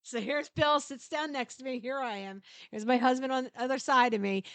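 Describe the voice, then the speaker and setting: A middle-aged woman co-hosting a podcast, telling a long story in casual chat, animated, laughing often and swearing freely. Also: high voice, brisk, no room sound. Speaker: podcast co-host.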